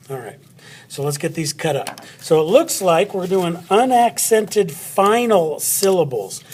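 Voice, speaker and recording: A man's voice: a little high, slight background noise. A man teaching a recorded spelling lesson to children, chatty and friendly, talking straight to his students.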